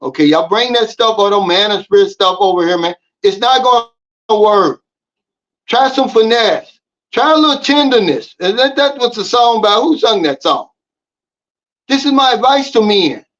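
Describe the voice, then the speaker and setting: A man from the United States delivers a casual vlog monologue, lecturing his viewers with emphatic, preachy advice. His voice sits high for a man. The audio is a little dull and lo-fi. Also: lively intonation, normal speed, fairly bright tone. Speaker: vlogger.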